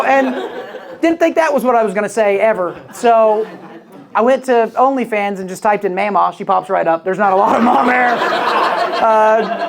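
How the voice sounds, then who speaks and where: Man, gravelly voice, crude rambling stand-up, laughing club crowd. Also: high voice. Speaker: stand-up comedian. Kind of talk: stand-up comedy set. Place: comedy club before a live audience. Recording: live club audio with crowd. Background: audience laughter.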